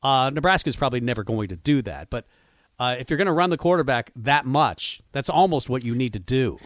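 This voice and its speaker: Male sports radio co-host, mid pitch, conversational and musing, dry close studio sound. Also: lively intonation, fairly quick, dry recording. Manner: conversational, musing, frequent fillers. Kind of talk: casual sports talk.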